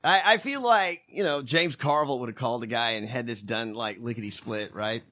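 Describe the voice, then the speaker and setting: A man's voice: mid-range voice, a little fast, bright, forceful tone. A man co-hosting a casual chat show, joking sarcastically and swearing as he reacts to clips. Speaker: podcast co-host.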